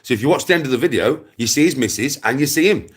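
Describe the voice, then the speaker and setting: A man's voice: medium pitch, lively intonation, fast talker, breathy edge. A man, ranting casually to camera in a mocking, taunting way, repeating his jibes and breaking into laughs. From West Midlands, England. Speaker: vlogger.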